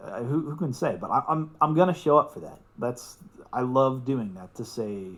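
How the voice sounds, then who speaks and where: Excitable young man, swearing and laughing. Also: medium pitch, moderate pace. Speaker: podcast guest. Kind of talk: casual storytelling.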